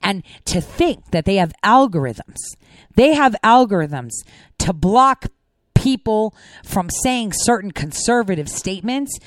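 A woman's voice: mid-range voice, big pitch swings, unhurried, dry recording. A woman giving an emotional, outraged monologue as a commentator, close to tears. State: near tears. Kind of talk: impassioned monologue.

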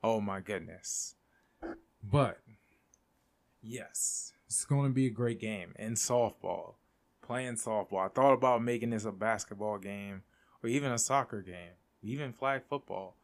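A young man hosting a casual solo podcast, excitable and rambling, laughing often and restarting his sentences. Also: lowish voice, measured pace. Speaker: podcast host.

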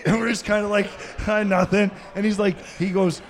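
A middle-aged man with a high voice spins stories on a live podcast taped in a sports bar. He acts out every quote and breaks into laughter and shouting at the punchlines. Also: little pitch movement, brisk. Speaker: podcast guest. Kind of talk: animated storytelling.

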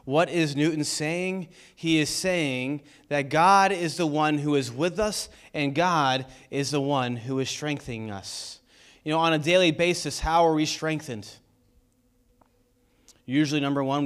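A man's voice: a little high, clear, resonant tone. A man preaching a sermon as pastor of a church, building intensity with rhetorical questions.

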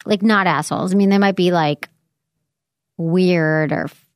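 A woman's voice: fairly low pitch, unhurried, clear, resonant tone, no echo, clean studio sound. A woman hosting a podcast, talking frankly and casually, sometimes reading listener emails aloud. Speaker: podcast host. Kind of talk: casual chat.

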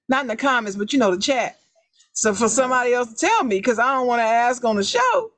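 A woman hosting a podcast, giving advice in a casual chat with a deliberately raised, emphatic voice that repeats key words. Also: high-pitched, lively intonation, dry recording. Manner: deliberately raised, loud speaking voice. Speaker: podcast host.

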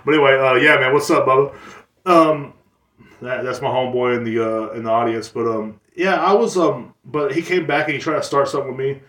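A man's voice: medium pitch, brisk, fairly bright tone. A man hosting a podcast, talking in a rambling, boastful and crude way with many fillers and restarts. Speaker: podcast host. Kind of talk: casual monologue podcast. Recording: roomy, distant mic.

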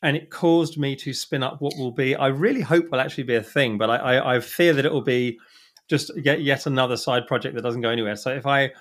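A man's voice: mid-range voice, brisk. Chatty self-deprecating man, podcast guest. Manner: chatty, self-deprecating, frequent restarts and laughs. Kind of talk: casual conversation.

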